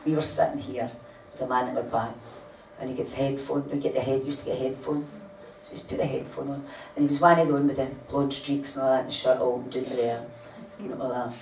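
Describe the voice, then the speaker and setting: Speaking fast in an extremely low, steady voice, an older woman laughs and rambles through a comic anecdote for a live audience. The recording is echoey and distant, with loud room ambience and slight background noise.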